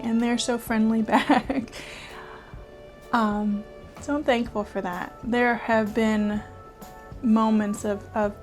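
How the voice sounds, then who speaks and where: Earnest, halting woman vlogger with a higher voice. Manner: earnest, halting, with many restarts and soft laughs. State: close to tears at times. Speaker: art YouTuber and children's author. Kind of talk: heartfelt personal vlog talk. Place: home studio with painting behind.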